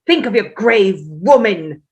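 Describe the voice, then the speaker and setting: A woman's voice: mid-range voice, expressive, slow pace. A woman reading the part of an imperious, sleepwalking Tudor queen in a staged play reading, declaiming with haughty command. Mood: sleepwalking raving.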